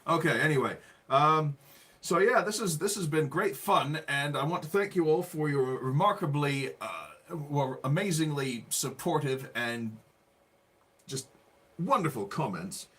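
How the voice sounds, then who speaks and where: An English man co-hosting a livestream, chatting in a relaxed, hesitant way with many fillers. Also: on the high side, a little slow. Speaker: livestream co-host. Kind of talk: casual chat.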